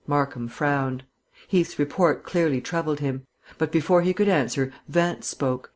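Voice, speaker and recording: A man narrating an audiobook in a measured, even reading. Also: on the high side.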